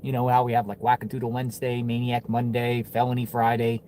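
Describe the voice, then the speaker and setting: A man's voice: medium pitch, completely flat delivery, fairly quick, a little mellow, slight background noise. A man hosting a livestream, reading viewer messages and thanking members in an upbeat, repetitive way. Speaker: livestream host. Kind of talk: casual livestream chat. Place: outdoors, then indoors.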